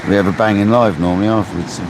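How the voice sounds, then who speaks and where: A man's voice: lowish voice, fairly even intonation, quick pace. A man fishing on a live stream, chatting casually with viewers in a laid-back way, laughing often and calling people mate. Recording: outdoor mic with loud surf noise. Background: ocean waves.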